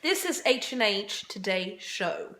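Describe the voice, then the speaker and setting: A woman's voice: medium pitch, very animated, unhurried, a bit bright. A woman from Scotland co-hosting a casual chat show, talking in a chatty way that trails off and restarts. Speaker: co-host. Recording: roomy echo, faint noise.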